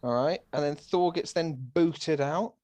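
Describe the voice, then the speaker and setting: A man's voice: on the high side, unhurried, darkish tone, no room sound. A young British man co-hosting a podcast, recapping in easygoing casual chat with slang. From United Kingdom. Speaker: podcast co-host.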